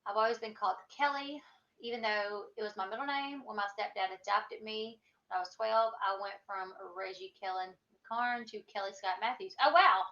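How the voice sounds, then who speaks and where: Speaking at normal speed in a slightly bright, mid-range voice, this Southern woman in her thirties hosts a loose YouTube livestream. She chats with plenty of fillers and a country twang, and the sound quality is dull and lo-fi.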